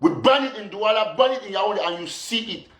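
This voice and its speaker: Cameroonian Pidgin-accented activist host, man, high voice, accusatory and repetitive, echoey room. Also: expressive, fast, fairly bright tone. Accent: Cameroonian Pidgin English. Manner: fiery and accusatory, repeats phrases for emphasis. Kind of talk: impassioned political rant to live viewers.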